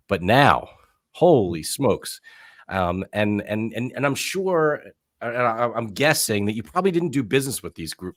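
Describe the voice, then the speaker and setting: A man's voice: sits low, a bit bright, no echo, studio quality. A male podcast host and investor asking a guest long conversational questions with frequent restarts. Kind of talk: interview questions.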